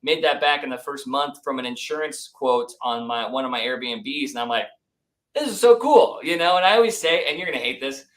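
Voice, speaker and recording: A young man in a relaxed interview, swapping stories about business partners. He acts out quotes with lively voices. His tone stays casual and friendly. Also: mid-range voice, a little fast, hardly any pauses, poor audio. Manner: animated, acts out quotes, says "like" and "dude" often. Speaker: business founder, podcast guest.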